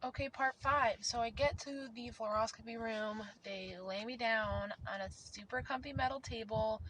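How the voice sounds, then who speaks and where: A woman's voice: a little high, moderate pace. Young woman, storytime vlog, emphatic, swears a lot, noisy phone recording. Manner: animated, emphatic, swears freely.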